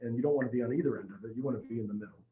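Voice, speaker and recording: Male dealership manager, podcast guest, animated storyteller; dull remote-call audio. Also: medium pitch, very fast, roomy sound. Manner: storytelling, energetic, with frequent restarts. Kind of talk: casual podcast conversation.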